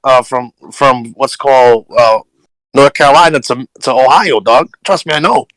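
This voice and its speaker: A man on a podcast panel telling stories in casual chat, animated and slangy. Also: medium pitch, moderate pace, no echo, rough recording.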